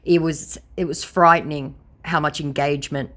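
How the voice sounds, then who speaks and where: A woman's voice: low voice, steady tone, normal speed, fairly bright tone. A woman reading out chat messages in casual commentary, sarcastic and blunt. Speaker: scam baiter.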